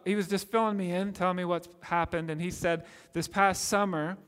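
A man preaching a sermon as pastor, earnest, drawing out key phrases slowly for emphasis. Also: high voice. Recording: long hall reverb.

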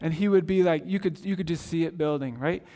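A pastor in his forties preaches a sermon in a large hall, telling stories conversationally and frequently restarting his sentences. His voice is fairly high, brisk and mellow.

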